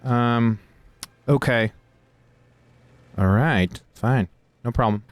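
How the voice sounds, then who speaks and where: A man hosting a live game stream who chats away as he plays, full of fillers and quick laughs. His voice sits at an average pitch. The sound is dry and close to the mic. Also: no room sound. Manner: chatty, with many fillers and laughs. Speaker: host and game narrator. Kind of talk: casual chat while playing a game live.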